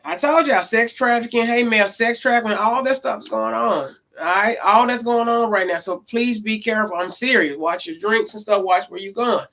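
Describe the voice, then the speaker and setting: Woman, tarot reader, casual vlog storytelling, emphatic, profane, swings loud and low. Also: normal speed, few pauses.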